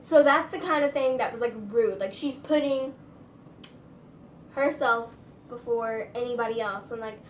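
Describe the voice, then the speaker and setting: A woman's voice: fairly high pitch, a little slow, long pauses, reverberant, recorded from a distance, a little hiss or hum, low-quality recording. Chatty woman rambling through a storytime. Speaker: vlogger. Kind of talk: casual storytime.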